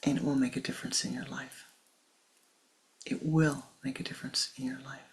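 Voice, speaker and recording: An older spiritual teacher giving a measured talk before a meditation, often dropping into a soft whisper. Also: medium pitch, little pitch movement, low-quality recording.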